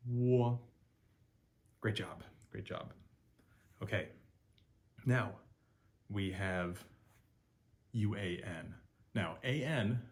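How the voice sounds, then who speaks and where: A man with a fairly low voice teaches Mandarin pronunciation in an upbeat spoken lesson. He repeats each sound several times and praises the learner often.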